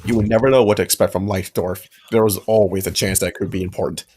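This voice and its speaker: A man's voice: low-pitched, steady tone, fast, mellow, slight background noise. A man narrating a fanfic aloud with friends, in a casual reading with occasional slips.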